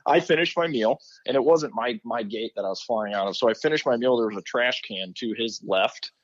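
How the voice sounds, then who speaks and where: Guy guest on a podcast, lively storyteller doing the voices, muffled lo-fi sound. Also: mid-range voice, fairly quick. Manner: animated storyteller acting out quotes. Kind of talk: casual chat.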